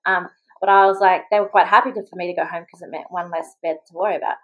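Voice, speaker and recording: On a low-quality recording, a lowish, steady, slightly bright woman's voice can be heard. She is a young Australian mother guesting on a podcast, telling her story casually and fast, with lots of "like" and acted-out quotes.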